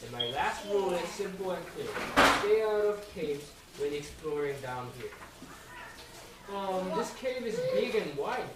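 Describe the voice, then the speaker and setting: Teen student slowly reading a picture book. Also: mid-range voice, expressive. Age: teens. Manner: slow, careful read-aloud with sound effects. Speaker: high school student reading aloud. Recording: echoey, distant, noisy.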